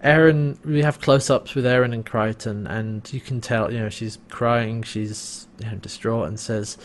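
A man's voice: medium pitch, fairly even intonation, a little slow, a little hiss or hum. A man chatting casually about a TV episode, retelling scenes by quoting the characters' lines and laughing often. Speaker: podcast co-host. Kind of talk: casual chat recapping a TV episode.

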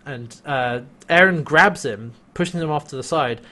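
Man, casual podcast chat, slightly higher pitch, animated, acts out quotes. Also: moderate pace. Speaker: podcast co-host. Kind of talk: casual chat recapping a TV episode.

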